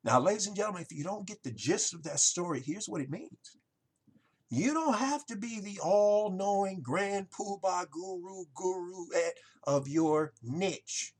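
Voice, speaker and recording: A man with a somewhat high, husky voice delivers a motivational marketing monologue as the host of his show. He talks emphatically and keeps turning to his listeners with rhetorical questions. He calls them ladies and gentlemen again and again. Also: lively intonation, measured pace. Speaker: podcast host.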